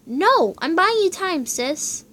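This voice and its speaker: A woman's voice: extremely high pitch, big pitch swings, takes it slowly, pitched above the performer's own voice, heavily acted. A woman voicing a fiery young sister. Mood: defiant. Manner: sharp, scornful, loud.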